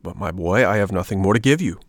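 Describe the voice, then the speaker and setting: A man voicing an old woodcarver father who lectures patiently and gently. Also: deep voice, quick pace, no echo, clean studio sound, close to an everyday voice.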